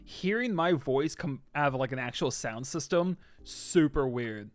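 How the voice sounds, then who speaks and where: On a live stream, a man casually reads out viewer comments, flipping between loud, excited bursts and quiet asides. His voice sits at medium pitch, his pace is measured, and there's no echo.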